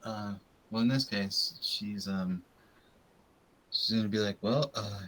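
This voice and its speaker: A man playing in a tabletop game, speaking as his character in a measured way. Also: lowish voice, fairly bright tone, slight background noise, poor audio. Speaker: player.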